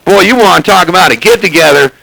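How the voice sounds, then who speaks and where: A man jokes and brags over CB radio and keeps calling out to get the other side's attention. His voice sits high and gravelly, with a bright, sharp edge. The sound is dry and close. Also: lively intonation, fast talker, no room sound, poor audio. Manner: joking, boastful, repeats "hey, hey, hey". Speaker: CB radio operator. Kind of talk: CB radio banter.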